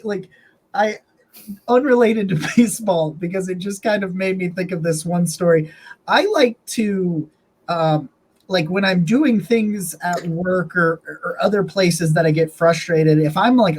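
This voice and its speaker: A man's voice: high-pitched, a little slow, a little mellow. A man co-hosting a sports podcast, telling stories casually with lots of "like" and laughing as he talks. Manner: chatty, laughs through his stories, many "like" fillers. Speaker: podcast co-host.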